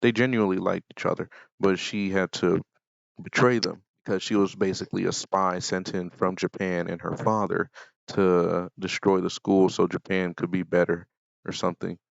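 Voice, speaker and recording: A young man chatting casually as a vlogger, rambling in an offhand way with deadpan asides. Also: low voice, moderate pace, gravelly, dry recording. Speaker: YouTuber. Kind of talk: casual commentary vlog. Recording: dull lo-fi mic.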